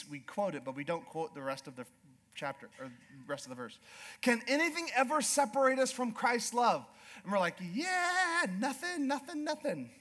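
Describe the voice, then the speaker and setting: A high-pitched man preaching a church sermon. He moves between quiet, hushed storytelling and loud, fervent declarations, often stumbling over repeated words as he restarts. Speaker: pastor.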